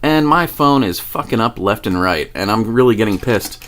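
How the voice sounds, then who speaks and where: A man's voice: fairly low pitch, animated, normal speed, a bit bright, a little hiss or hum. A man telling a story to camera in a casual, profane way, laughing often. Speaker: vlogger.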